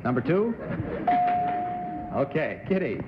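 A man hosting a game show, speaking smoothly and politely to the panel and the contestants. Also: medium pitch, very animated, takes it slowly, heavy background noise. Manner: smooth, polite, reads affidavits aloud. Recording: muffled 1960s broadcast audio in a large studio hall.

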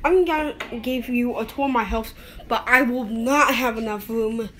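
This casual home vlog features a woman with a slight British accent speaking to the camera in her bedroom, her voice fairly high and her pace moderate. She rambles and keeps apologizing, and the recording is noisy.

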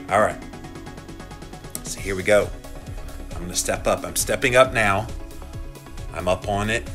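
A man's voice: fairly low pitch, bright, forceful tone. A man chatting casually on a live stream from his phone, talking straight to viewers and reading their comments aloud, his voice shaking from a vibration plate. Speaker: health podcaster livestreaming. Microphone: phone held while filming.

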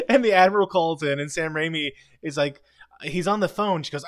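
Male stream host, slightly higher voice, loose chatty recap style, laughs easily. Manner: retells scenes with quick quoted lines, chuckles often. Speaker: live commentary host. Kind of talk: casual live-stream commentary.

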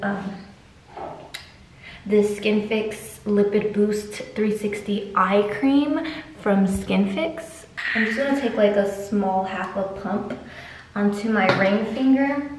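A woman's voice: mid-range voice, takes it slowly, darkish tone, far from the mic, a little hiss or hum. A young woman, chatting casually through her skincare routine as a vlogger. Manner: laid-back, talks through each step. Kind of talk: casual chat. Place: hotel room. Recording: very echoey room.

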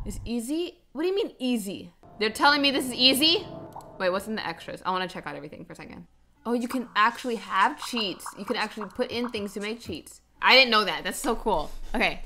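A young woman streams a video game and chats with her viewers, her casual gameplay commentary full of exclamations. Her medium-pitched voice is expressive, fairly quick and sharp in tone, with music playing behind her.

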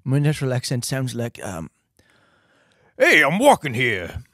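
A man playing a jittery young wizard in hiding in an improv comedy sketch, first with a put-on British voice and then with a gruff mock New York voice. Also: very high-pitched, wildly swooping pitch, brisk, no room sound, studio quality, exaggerated voice. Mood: mock tough.

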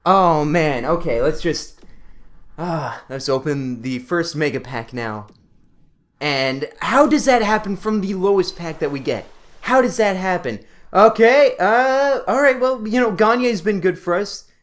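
A young man, giving excitable pack-opening commentary over a hockey video game. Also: high-pitched, a little slow. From Canada. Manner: excitable, yelps and laughs at pulls. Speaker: gaming video creator.

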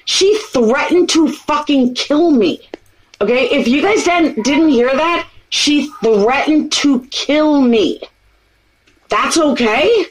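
Brief: woman commentator, high voice, slow, deliberate, indignant, cursing. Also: lively intonation, a little hiss or hum, rough recording. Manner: indignant, profane, slow and emphatic.

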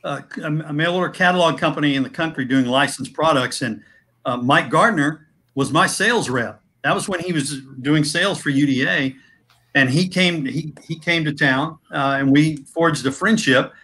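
Bright-voiced man recounting his career. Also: fairly high pitch, moderate pace. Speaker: former sales manager, guest. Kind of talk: casual roundtable storytelling.

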